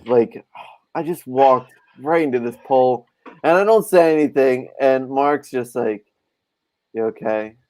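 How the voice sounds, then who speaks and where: A man's voice: mid-range voice, a little slow, dark tone. A man co-hosting a casual podcast chat, rambling and poking fun at himself. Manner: self-deprecating, rambling. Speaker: podcast co-host.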